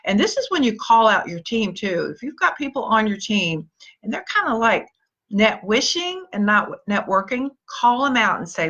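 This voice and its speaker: A woman's voice: fairly high pitch, sing-song, normal speed, fairly bright tone, muffled recording. A woman leading a live-stream pep talk, encouraging her team and greeting viewers by name in an upbeat way. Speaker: motivational speaker and team leader.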